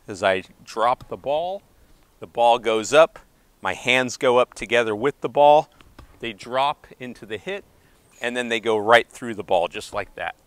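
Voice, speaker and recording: A man's voice: mid-range voice, fairly bright tone, no room sound. A man giving an outdoor tennis lesson, counting beats aloud as he demonstrates strokes and encouraging the viewer, a little out of breath from moving. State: slightly out of breath. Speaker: tennis coach. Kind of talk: instructional on-court demonstration.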